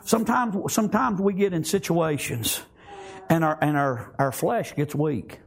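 A man's voice: a little high, a little slow, gravelly, breathy edge. A man preaching a sermon, fervent and full of repeated amens and praise Gods. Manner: fervent, repeats amen and praise God often.

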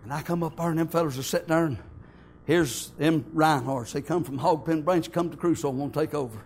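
A man's voice: fairly high pitch, brisk, darkish tone, a little hiss or hum. An older man, telling his church testimony in a folksy, homespun way. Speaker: church member giving testimony.

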